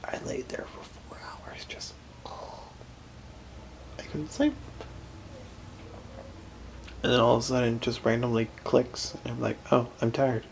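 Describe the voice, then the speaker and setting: A tired man half-whispering a late-night vlog, recounting a painful hospital night in a drowsy way with sudden lively bursts. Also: medium pitch, unhurried, gravelly, long pauses, poor audio. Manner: hushed, drowsy storytelling that swings from whispers to animated outbursts. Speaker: vlogger.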